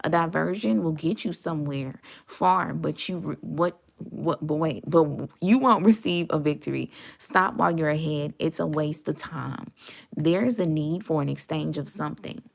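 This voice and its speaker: Low, gravelly-voiced woman reading tarot. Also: normal speed. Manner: chatty and sassy, with slang and swearing. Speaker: tarot reader. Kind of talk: casual tarot reading to viewers.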